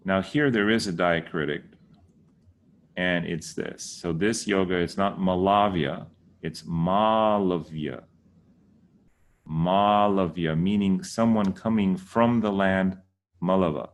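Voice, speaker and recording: A man's voice: sits low, fairly even intonation, measured pace. A man giving a casual lesson, patiently repeating words to correct how people say them. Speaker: teacher.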